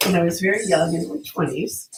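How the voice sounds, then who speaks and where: A woman's voice: fairly low pitch, fairly quick, very noisy. A woman, likely older, chatting her way through an art tutorial while hiccuping, rambling and laughing at herself. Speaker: artist. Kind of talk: casual craft tutorial.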